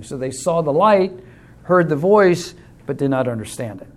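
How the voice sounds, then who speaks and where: A man's voice: a little high, expressive, moderate pace. A man teaching a Bible study class in a conversational way, explaining with simple illustrations and calling on class members.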